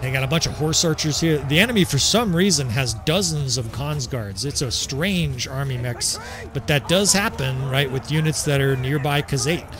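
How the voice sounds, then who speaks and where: A man giving casual, excitable gameplay commentary as he sets up a battle, swearing freely and laughing often. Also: mid-range voice, normal speed, background noise.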